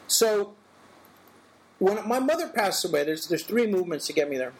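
A middle-aged man, an interview guest, telling a personal story in a thoughtful way, with halting restarts and little acted-out quotes. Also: high-pitched, expressive, a little hiss or hum.

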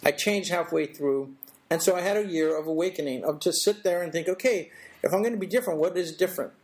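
Telling a personal story as a guest in an interview, this middle-aged man speaks thoughtfully, with halting restarts and small acted-out quotes. His pitch runs somewhat high.

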